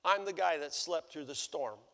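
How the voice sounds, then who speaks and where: A man's voice: a little high, moderate pace, gravelly, sharp tone, in a large hall. A man preaching a sermon as pastor, working through the story with repeated rhetorical questions. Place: church sanctuary.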